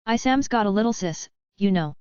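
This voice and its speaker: Female narrator plays a cocky, slang-heavy young receptionist who teases everyone; crisp, dry read. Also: mid-range voice, animated, fairly quick, a little mellow, dry recording, natural voice. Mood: teasing. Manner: laid-back street slang, teasing. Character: brash slangy young woman inn receptionist. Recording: dry, slightly dull lo-fi.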